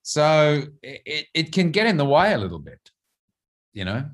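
A man's voice: fairly high pitch, sing-song, normal speed. A middle-aged man with an Australian accent, an actor answering interview questions in a thoughtful way and often repeating words while he looks for the phrasing. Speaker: actor guest.

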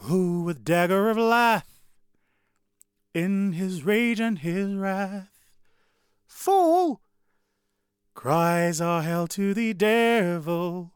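A man voicing an imprisoned man who yells in shrieking, drawn-out cries. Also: high-pitched, clear, resonant tone, no echo, studio quality, pitched above the performer's own voice, exaggerated voice. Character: shrill frantic imprisoned man shouting.

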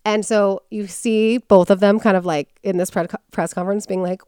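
A woman hosts a casual storytelling podcast, slipping into quoted voices and filler words as she goes. Her voice is smooth and clear, and the recording is dry and close. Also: medium pitch, moderate pace, no room sound. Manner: chatty, animated, with many fillers and quoted voices. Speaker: podcast host.

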